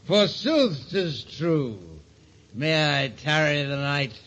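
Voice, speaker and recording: A man's voice: a little high, animated, slow pace, a bit bright, full character voice. An actor playing a drunken man who poses as a pompous old-time rogue, in theatrical, archaic phrasing, 1940s radio acting style. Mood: mock-gallant.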